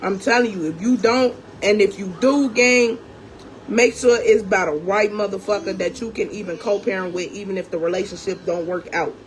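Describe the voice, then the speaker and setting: A woman's voice: medium pitch, normal speed, a little hiss or hum. A young woman in an angry storytime rant, profane and confrontational, talking straight to her viewers. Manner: calls viewers "gang", talks straight to them. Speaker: vlogger.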